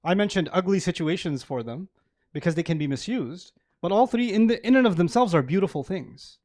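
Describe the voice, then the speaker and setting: A male preacher giving a sermon to an audience, animated, acting out everyday examples and laughing often. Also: high-pitched, a little fast, dry recording, clean studio sound.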